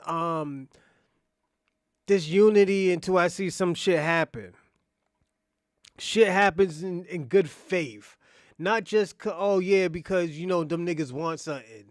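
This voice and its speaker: A man's voice: high-pitched, clean tone, no echo, clean studio sound. A man talking bluntly in profane street slang during a casual discussion.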